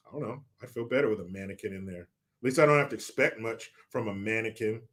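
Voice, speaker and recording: A man's voice: fairly low pitch, fast talker, fairly bright tone. A man reading viewer comments on a live stream, joking, swearing and mock-outraged.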